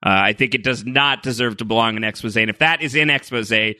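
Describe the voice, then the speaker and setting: Bright, opinionated male podcast host. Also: medium pitch, quick pace, no room sound, studio quality. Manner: animated, opinionated, with frequent restarts and laughs. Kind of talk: casual chat.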